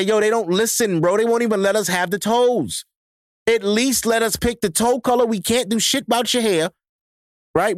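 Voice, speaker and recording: A man's voice: sits high, no room sound, studio quality. A man hosting his own podcast, delivering a profane, emphatic solo rant that lectures his listeners. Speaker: podcast host.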